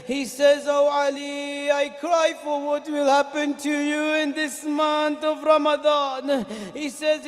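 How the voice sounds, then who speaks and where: Male preacher, very high and steady-toned, chanted lament sermon, long mosque-hall reverb. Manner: chanting, rising to shouts. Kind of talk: sung, mournful sermon recitation.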